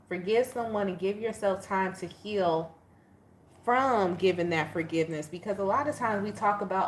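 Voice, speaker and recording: A woman's voice: mid-range voice, normal speed, a little hiss or hum. Chatty woman giving a casual tarot reading. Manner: chatty, animated, laughing, talks to viewers as y'all. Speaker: tarot reader.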